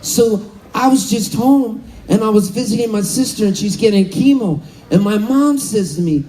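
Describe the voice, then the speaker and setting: A man in his fifties from Southern California, telling a story on stage between songs, animated and laughing, calling out to the crowd. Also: high-pitched, moderate pace, a little hiss or hum, poor audio. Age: 50s. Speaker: musician. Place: live concert stage.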